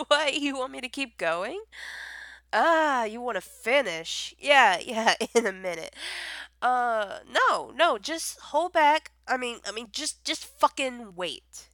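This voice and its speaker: A woman's voice: on the high side, expressive, slow, a bit bright, dry recording. A young woman teasing and giggling in a casual, improvised intimate audio role-play, recorded close on a home microphone.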